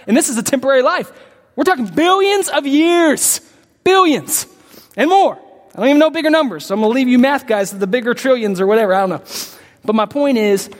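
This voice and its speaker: A man preaching a sermon in a conversational way, breaking into sudden emphatic high-pitched bursts and often calling out to the congregation. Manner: frequent call-outs to the congregation. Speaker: pastor. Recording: long hall reverb.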